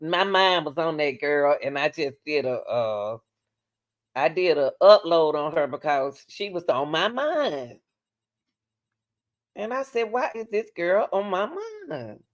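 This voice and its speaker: A woman hosting a casual live stream, talking excitably and in scattered bursts, repeatedly telling viewers to hold on while she searches. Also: low voice, slow pace. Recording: dull lo-fi audio.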